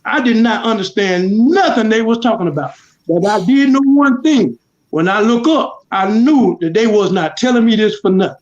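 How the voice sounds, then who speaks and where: A man's voice: sits high, lively intonation, moderate pace. A man in a casual chat, talking earnestly and repeating his points for emphasis. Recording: dull lo-fi sound.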